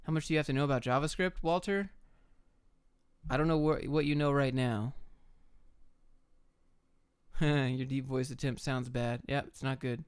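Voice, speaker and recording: A young man answering viewer chat questions on a live stream, giving quick, blunt, offhand answers. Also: medium pitch, fairly even intonation, clear, resonant tone, no echo, clean studio sound. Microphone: camera and desk mic.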